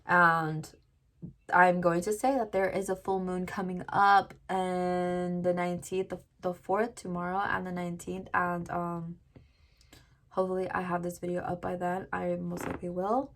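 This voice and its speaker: A woman gives viewers a casual tarot reading, chatting away with lots of "like" fillers and speaking to them directly. Her voice is fairly low and fairly bright, with a level tone and moderate pace.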